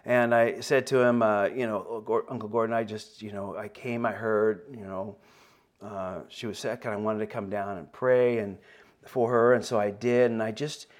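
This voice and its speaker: A man, a pastor, telling a personal story in a sermon, often halting and repeating words, his voice lifting at the emotional points. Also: on the low side, fairly even intonation.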